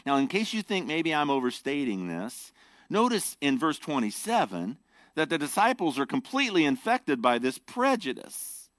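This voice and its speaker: Male pastor, emphatic sermon delivery, lively pitch swings, dry close sound. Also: normal speed, no room sound. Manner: animated, emphatic preaching.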